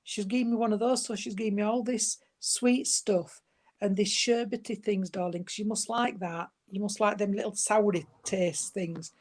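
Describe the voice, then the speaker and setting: Woman medium, warm-toned chatter, endearments throughout, mid pitch. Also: steady tone, moderate pace. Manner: gentle, chatty, full of endearments like sweetheart and darling. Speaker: spiritualist medium. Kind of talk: giving a spirit reading.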